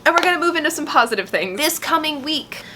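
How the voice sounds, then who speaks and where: A woman's voice: sits high, lively intonation, quick pace, pushed and bright, slight background noise, rough recording. A woman hosting her own vlog, talking in a casual, earnest and heartfelt way as she explains a tarot card and the art she is making for it. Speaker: vlogger and tarot artist.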